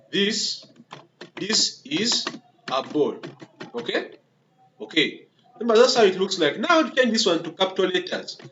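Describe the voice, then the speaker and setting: A man's voice: a little high, fairly bright tone. A man teaching a coding lesson, talking through each step as he types, repeating words and checking in with "okay?" and "yeah?" again and again. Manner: talks through typing step by step, restarts words. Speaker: coding instructor. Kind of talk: screen-recorded coding tutorial. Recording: dull lo-fi recording with faint hiss.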